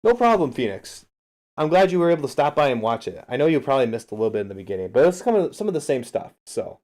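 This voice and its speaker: A man's voice: mid-range voice, big pitch swings, quick pace, darkish tone. A man casually talking through a game replay on a livestream, chatting straight to his viewers and answering their messages in an upbeat, encouraging way. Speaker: streamer and game coach.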